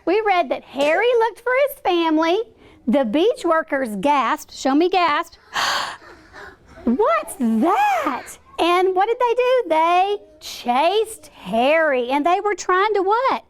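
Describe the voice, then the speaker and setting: A woman's voice: very high-pitched, lively intonation, measured pace. A woman teacher in a classroom, teaching vocabulary to young children, asking questions and encouraging them to act out words.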